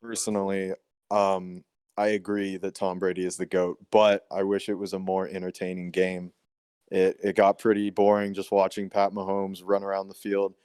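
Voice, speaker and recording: Chill young dude co-host, kinda low voice, offhand. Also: male voice, monotone, moderate pace, a little mellow, clear, resonant tone, no room sound, studio quality. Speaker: podcast co-host. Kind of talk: casual chat.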